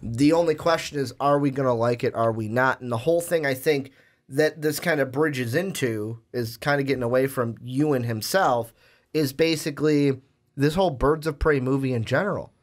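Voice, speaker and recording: A man's voice: mid-range voice, normal speed. A young man co-hosting a casual podcast, talking at length with many restarts before landing on pointed questions. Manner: rambling, restarts and fillers, builds up to pointed questions. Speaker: podcast co-host. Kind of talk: casual movie chat.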